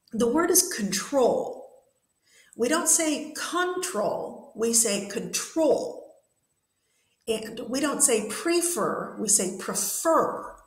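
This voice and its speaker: A woman with a fairly high voice teaches grammar slowly and patiently, spelling words letter by letter. She talks to the class from near a whiteboard. The room sounds echoey around her. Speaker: English teacher.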